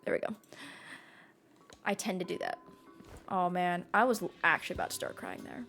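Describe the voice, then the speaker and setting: A woman's voice: fairly low pitch, very animated, normal speed, vocal fry, fairly bright tone. Chatty young woman streaming with music. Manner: chatty, rambling, easily sidetracked. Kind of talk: casual live-stream chat.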